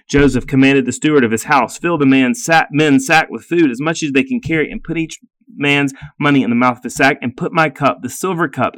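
A man reads a scripture passage slowly and carefully, stopping now and then for a short plain explanation. His voice sits at an ordinary pitch for a man. The recording is dry and close, with no room sound. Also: no echo. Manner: slow, deliberate reading with short asides. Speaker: pastor reading scripture. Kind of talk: scripture reading with commentary.

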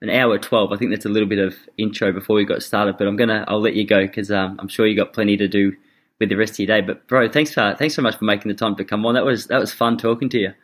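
A man's voice: lowish voice, fairly even intonation, fast talker, fairly bright tone. An Australian man hosting a podcast, laid-back and chummy, often laughing with his guest. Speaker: podcast host. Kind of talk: casual chat.

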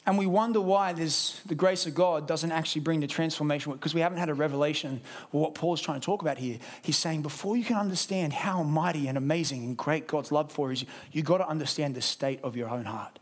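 During a church service, an Australian man with a slightly high voice preaches a sermon, lively and conversational, slipping into quick impressions as he goes.

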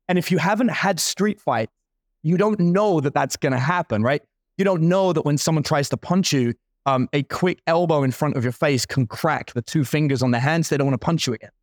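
A man's voice: on the high side, no room sound, studio quality. A man in his forties telling a story in casual talk, playing out the other people's lines as he goes. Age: 40s. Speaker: guest entrepreneur.

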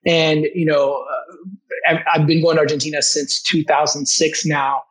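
A man's voice: on the high side, fairly even intonation, measured pace, fairly bright tone, slightly rough, low-quality recording. A man speaking as a guest language teacher, telling a story in casual conversation with enthusiasm and frequent restarts. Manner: enthusiastic, many restarts, acts out quoted voices.

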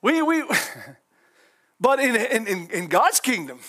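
A man's voice: extremely high pitch, very animated, slow, sharp tone. A man with a Cajun accent preaching a folksy sermon, often breaking into hallelujahs and chuckles. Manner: folksy, exclaims praise God and hallelujah often; chuckles often between lines.

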